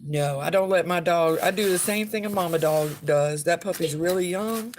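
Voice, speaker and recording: A woman making spell oils in a casual vlog, talking bluntly and plainly, with a relaxed down-home drawl. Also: lowish voice, normal speed, a little hiss or hum. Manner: blunt and outspoken.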